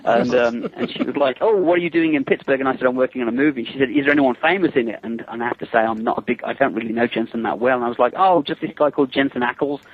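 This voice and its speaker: English guest, middle-aged, chatty raconteur on a phone line; husky, dry sound. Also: male voice, mid-range voice, racing, few pauses. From England. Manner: lively anecdotes, acts out quotes, laughs often. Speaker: guest, special effects makeup artist. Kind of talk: casual phone interview storytelling.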